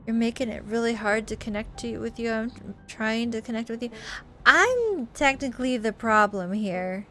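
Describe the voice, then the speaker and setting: A woman's voice: a little high, lively intonation, normal speed, a bit bright, slight background noise. A woman hosting a game playthrough, chatting apologetically and effusively. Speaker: let's play host. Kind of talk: gameplay commentary.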